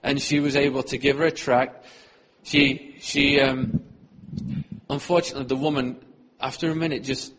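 A man giving an earnest sermon testimony in church, often trailing off softly at the ends of his sentences. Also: mid-range voice, flat delivery, normal speed. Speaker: church speaker.

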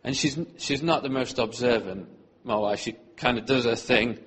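A man giving an earnest sermon testimony in church, often trailing off softly at the ends of his sentences. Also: medium pitch, moderate pace, slightly rough. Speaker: church speaker.

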